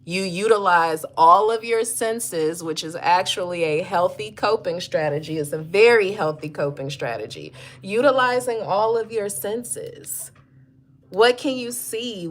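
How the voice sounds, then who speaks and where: Her voice is fairly low in pitch yet has a fairly bright tone. Hosting a laid-back mental health livestream, this woman chats warmly, welcomes viewers, and reads out their comments with casual motivational encouragement.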